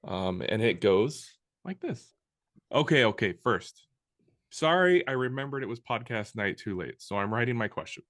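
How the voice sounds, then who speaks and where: Animated man co-hosting a podcast. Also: medium pitch, moderate pace, no echo, studio quality. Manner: reads listener questions aloud plainly, no put-on accents. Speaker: podcast co-host. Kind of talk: casual podcast chat.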